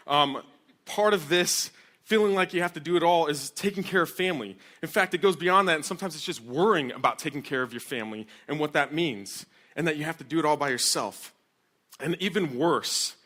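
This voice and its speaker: A young man, a pastor, telling a personal story in a sermon talk to a women's audience, acting out the voices in it. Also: mid-range voice. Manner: animated, acts out shouted quotes with laughter. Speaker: youth pastor.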